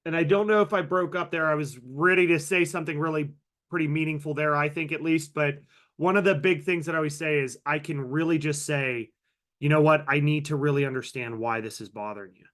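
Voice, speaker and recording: Guy running an online workshop, kinda high voice, upbeat and chatty, on a video call. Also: fairly even intonation, fairly quick, a bit bright. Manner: upbeat, reads participant names from chat; conversational with personal anecdotes. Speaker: workshop trainer. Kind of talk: live online training session.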